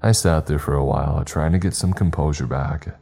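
A man narrates a scripted horror story in a measured, grave way. His voice is extremely deep and dark, with quiet music playing underneath. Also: vocal fry, husky. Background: faint background music.

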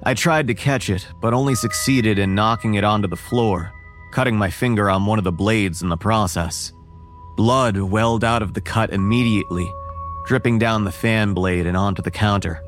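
A man narrating a first-person horror story in a measured, wary tone. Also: lowish voice, soft background music.

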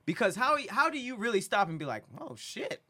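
High, lively, bright-voiced man chatting. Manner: animated, quick to jump in, laughs often. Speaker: podcast co-host. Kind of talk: casual chat.

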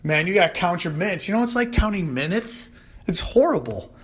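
A male podcast host telling a comedic solo rant, animated and loud, shouting in the voices he quotes. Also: high voice, brisk, slightly rough. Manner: animated storytelling, loud put-on yelling in quotes.

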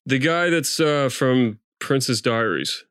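A man's voice: mid-range voice, takes it slowly, fairly bright tone, smooth, no echo, studio quality. A man co-hosting a podcast who chats casually and asks lots of questions, often hesitating and trailing off mid-sentence. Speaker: podcast co-host. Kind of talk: casual chat.

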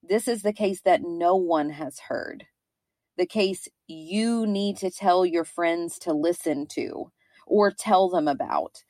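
A woman in her thirties with a Kentucky accent talks through a case in a casual, rambling podcast style, with plenty of fillers. Her voice sits a little low. The sound is dry and close. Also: darkish tone, no room sound. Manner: chatty, rambling, with frequent fillers. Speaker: podcast co-host. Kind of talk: casual true-crime podcast chat.

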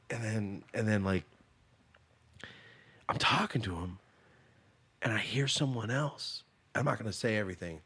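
A man in his thirties with a low, husky voice tells a story in a casual chat. He talks bluntly, swears freely and puts real feeling into it. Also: fairly bright tone. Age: 30s. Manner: profane, blunt, emotional storytelling. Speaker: podcast host.

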